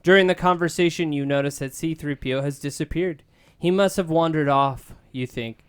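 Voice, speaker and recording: A man's voice: fairly high pitch, normal speed, smooth. A man casually reading a gamebook aloud to friends, with frequent filler sounds between sentences. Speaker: reader of a gamebook.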